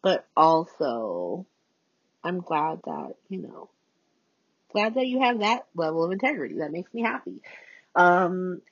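A chatty woman recaps as a solo podcast host, swearing freely and letting her pitch leap up and dive low. Her voice sits low and slightly husky. The phone voice note sounds dull, dry and lo-fi. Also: big pitch swings, unhurried, no echo. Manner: chatty, profane, swings pitch a lot. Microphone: phone voice notes.

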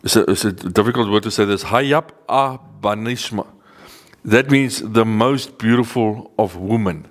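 Earnest man preaching a Bible teaching. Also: on the low side. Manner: earnest, emphatic, slows down to stress key words. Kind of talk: sermon teaching to a live group. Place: meeting room with a seated audience.

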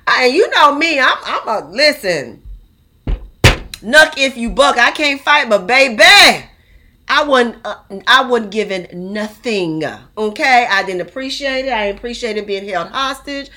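A woman telling a story straight to her viewers in a casual, animated, exaggerated way, full of slang. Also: a little high.

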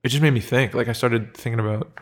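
A man's voice: mid-range voice, fairly even intonation, fast. A man in casual chat, emotional and swearing often, acting out the people in his story. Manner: emotional, swears freely, acts out quoted lines.

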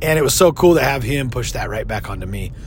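A man's voice: mid-range voice, animated, a little hiss or hum. Earnest, reflective man hosting a podcast. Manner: earnest, reflective, with frequent pauses and restarts. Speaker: podcast host and life coach. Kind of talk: casual solo podcast talk.

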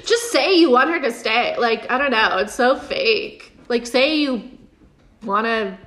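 A woman's voice: a little high, lively intonation, measured pace, fairly bright tone. A young woman casually recapping a TV episode, sarcastic and swearing, often laughing and mocking the characters. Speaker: show recap host.

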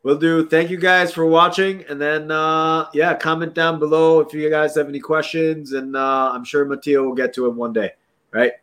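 A man hosting a podcast, relaxed and joking, with quick short replies in a casual interview. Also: a little high. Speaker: podcast host.

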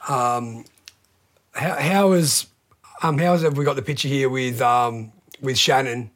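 A man's voice: medium pitch, measured pace, a bit bright. A man hosting a podcast, easygoing, asking questions and agreeing often in short replies. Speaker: podcast host. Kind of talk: casual interview chat.

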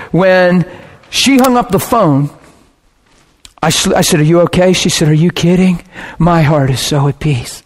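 A man preaching, telling a personal story with lively swings between hushed and shouting moments. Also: on the high side, husky. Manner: animated, bursts into shouting and laughter. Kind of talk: sermon storytelling.

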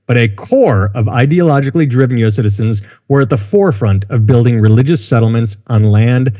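A man's voice: mid-range voice, a little fast, warm tone. A man co-hosting a podcast, talking in blunt, profane banter and reading news articles aloud. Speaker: podcast co-host. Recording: dull, lo-fi mic.

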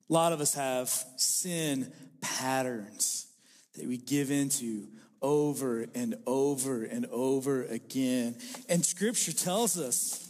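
A man's voice: medium pitch, darkish tone. A male pastor preaching a sermon in a church, mixing self-deprecating jokes with his message. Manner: self-deprecating, joking storyteller. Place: church sanctuary. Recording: reverberant hall.

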